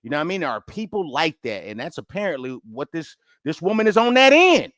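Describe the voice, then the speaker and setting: A man's voice: on the high side, fast talker, no room sound, studio quality. A man reacting to bodycam footage with blunt, slangy casual commentary. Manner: animated, blunt, street slang. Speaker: reaction video host.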